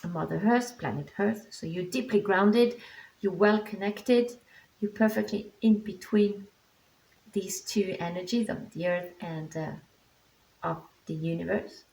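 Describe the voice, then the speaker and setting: A woman teaching animal communication techniques in a calm, reassuring way, explaining step by step with frequent restarts. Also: medium pitch, gravelly. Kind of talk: instructional vlog. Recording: echoey room.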